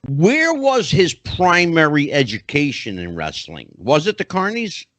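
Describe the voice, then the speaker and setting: Lively middle-aged man hosting, dry close sound. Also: on the high side, measured pace, no room sound. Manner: animated, chatty, leads into questions at length. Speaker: podcast host. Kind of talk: conversational interview hosting.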